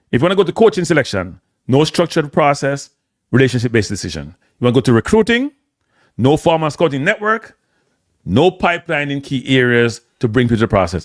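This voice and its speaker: A man's voice: medium pitch, no echo, studio quality. A man with a Jamaican accent giving opinionated solo football commentary, hammering points home by repeating phrases and slipping into patois. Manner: emphatic, repeats phrases for stress, slips into patois.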